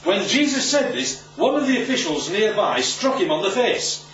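A man teaches from the Bible in sermon style before a live audience, his animated voice swooping and sitting a bit high as he emphatically fires off quick rhetorical questions. Captured from a distance in a reverberant room, the audio is somewhat muffled with slight background noise.

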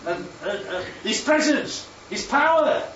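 A man preaching a sermon, lively and constantly checking in with his listeners by asking "right?" and "yeah?". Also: extremely high pitch, measured pace, slight background noise. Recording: echoey, distant, dull sound with faint ambience.

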